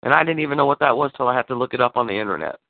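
A man on a call, telling a story in casual chat, animated and swearing, acting out the lines he quotes. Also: mid-range voice, very fast, no room sound. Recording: tinny phone line.

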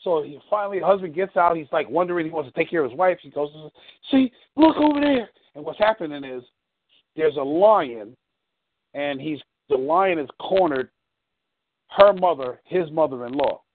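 A man's voice: a little high, normal speed, a little hiss or hum. Give me a male coach talking on a tinny phone line, rambling with fillers. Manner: rambling storyteller, many fillers. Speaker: life coach. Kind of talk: coaching call. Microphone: phone call.

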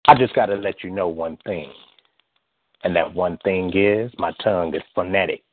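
Slightly hoarse man performing spoken-word poetry. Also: normal speed, no echo. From US West Coast. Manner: rhythmic, rising delivery with sudden high bursts. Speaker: poet. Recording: tinny phone-like line, dry.

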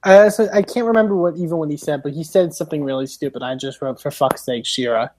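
A man's voice: a little high, animated, quick pace, warm tone, a little hiss or hum. A man co-hosting a podcast, recapping with sarcastic, profane remarks in casual chat. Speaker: podcast co-host.

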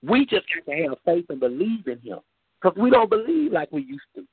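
Husky man preaching over a phone line. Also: high-pitched, sing-song, a little fast, no echo. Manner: fervent and repetitive, restarting phrases. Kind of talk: informal preaching testimony.

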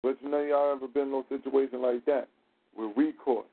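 A man's voice: mid-range voice, steady tone, a little fast. Man telling stories over tinny audio. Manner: loose, profane, laughing storyteller. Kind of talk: casual storytelling chat.

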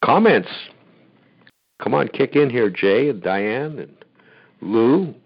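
A man's voice: mid-range voice, expressive, slow pace, dull audio. A man hosting a casual call-in chat, folksy and rambling, encouraging his callers. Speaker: host.

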